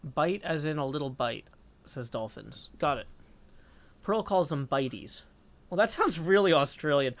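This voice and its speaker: A man's voice: a little high, animated, measured pace. A man chatting casually on a gaming livestream at his desk mic, rambling, reading chat aloud and humming to himself. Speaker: streamer.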